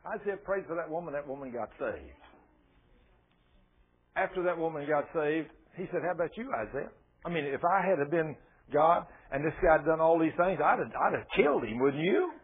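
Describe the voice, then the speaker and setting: A man's voice: on the high side, expressive, moderate pace, husky. A man preaching a sermon in a fervent, folksy way, acting out the people in his stories. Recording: tinny phone-like sermon recording.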